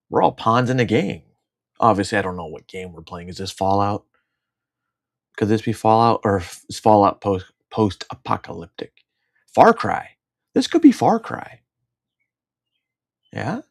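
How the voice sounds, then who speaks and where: A middle-aged man from the United States in a rambling, sardonic monologue, swearing freely and repeating his own lines. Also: lowish voice. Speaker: vlogger. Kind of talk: casual ranting monologue.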